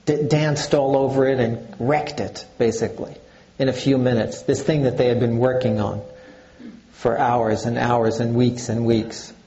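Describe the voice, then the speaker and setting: An older man giving a Zen dharma talk in a halting way, with many pauses and fillers. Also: medium pitch, flat delivery, mellow, lo-fi sound. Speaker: Zen teacher.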